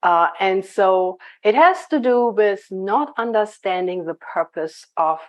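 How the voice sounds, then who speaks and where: A woman's voice: medium pitch, expressive, unhurried. German-accented woman leadership coach. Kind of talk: conversational interview.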